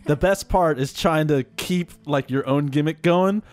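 A man's voice: a little high, a little slow, darkish tone. A man co-hosting a casual chat, teasing and peppering the others with questions. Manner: teasing, asks lots of questions. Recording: noisy crowd behind.

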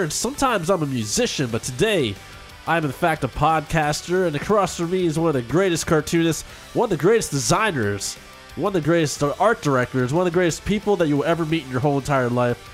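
A man's voice: on the high side, lively intonation, quick pace, faint music behind. A man hosting a podcast, chatting casually with a nasal, stuffed-up voice from a cold, rambling and self-deprecating. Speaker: podcast host. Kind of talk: casual chat.

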